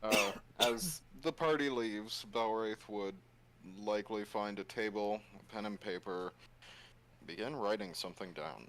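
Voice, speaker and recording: A man playing in a voice-chat tabletop game, calmly narrating what his character does. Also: lowish voice, measured pace, a little hiss or hum, low-quality recording. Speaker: player. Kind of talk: in-character play over voice chat.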